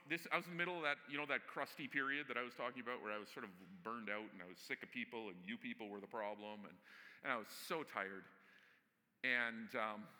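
A man's voice: mid-range voice, bright, forceful tone, long reverb tail. A male pastor preaching a sermon in a church, telling stories casually with humor and asides to the congregation.

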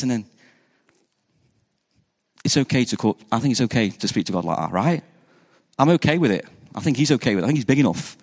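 A man's voice: medium pitch, lively intonation, fast talker, pauses often, darkish tone, husky. A man, a pastor, preaching a conversational sermon that keeps asking the congregation questions. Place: church hall. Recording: reverberant church hall.

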